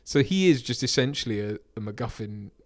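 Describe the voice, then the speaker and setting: A man's voice: mid-range voice, lively intonation, brisk. A man co-hosting a film commentary, chatting casually and rambling, often trailing off and restarting.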